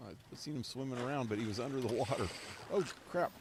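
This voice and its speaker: A man's voice: mid-range voice, quick pace, background noise. A man streaming a video game, chatting casually and joking with himself about what happens on screen, from a cold room at home. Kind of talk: casual commentary while playing.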